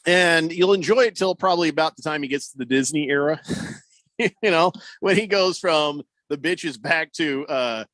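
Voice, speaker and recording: A man's voice: a little high, normal speed, fairly bright tone, no echo. A man hosting a sports talk radio show, rambling and joking as he reads listener texts aloud. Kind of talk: casual call-in talk radio. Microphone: studio microphone.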